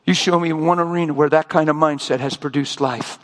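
An older man preaching a sermon, telling stories and acting out both sides of conversations with lively, emotional delivery. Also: fairly high pitch, fairly quick, in a large hall. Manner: animated storytelling, acting out dialogue.

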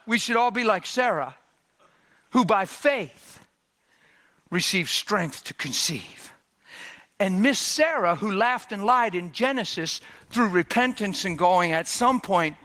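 A male preacher delivering a sermon with a bright, forceful voice pitched a touch high. He is animated and dramatic, rising to loud bursts and dropping to hushed near-whispers as he acts out the people in his story. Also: takes it slowly.

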